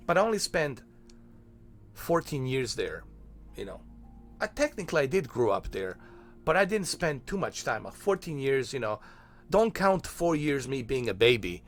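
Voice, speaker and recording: A man from Bosnia, chatting casually on his stream in a rambling, filler-heavy, profane way. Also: mid-range voice.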